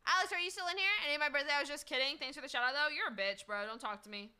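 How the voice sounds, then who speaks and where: A woman's voice: high-pitched, very fast, sharp tone. A woman streaming a shooter game, chatting casually, thanking viewers and cursing bluntly. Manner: blunt and profane, thanks chat mid-game. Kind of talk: casual gaming stream chat.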